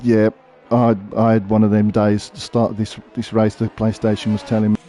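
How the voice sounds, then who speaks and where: A man commentates a sim race in a chatty, thinking-aloud way. His voice is mellow and warm, with a faint noise under it. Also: lowish voice, completely flat delivery, fairly quick.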